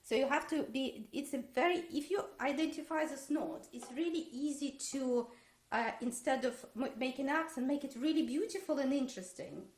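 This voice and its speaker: A woman's voice: high-pitched, moderate pace, darkish tone. A woman teaching a violin masterclass online. She hesitates with many fillers and sings musical phrases on syllables. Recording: roomy echo.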